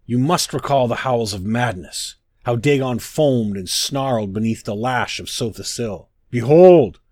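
A man's voice: medium pitch, unhurried, dry recording, studio quality. A man giving a solemn, declamatory scripted reading of an old sermon. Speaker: narrator.

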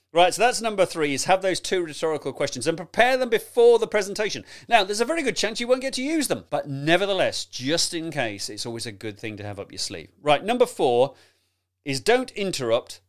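Man, presentation coach, lively swooping intonation, slightly higher voice, chatty, laughs a lot. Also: fairly quick. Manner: animated, chatty, laughs often, direct address. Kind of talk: conversational teaching talk.

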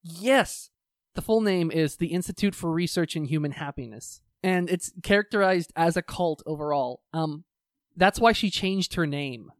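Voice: mid-range voice, moderate pace, dry recording, clean studio sound. Foul-mouthed podcast co-host ranting. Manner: profane, animated ranting. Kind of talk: casual podcast chat.

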